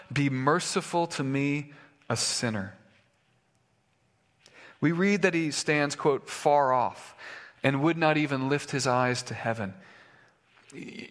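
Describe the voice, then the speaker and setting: A man's voice: a little high, a bit bright. Man preaching in a reverberant hall. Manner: conversational, with filler words and restarts. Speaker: pastor. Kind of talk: sermon.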